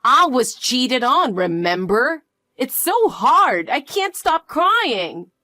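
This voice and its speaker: A woman's voice: sits high, huge pitch swings, slow pace, no room sound, clean studio sound, full character voice. A woman voicing a selfish older mother-in-law who whines and pleads. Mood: whining. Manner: whiny and pleading.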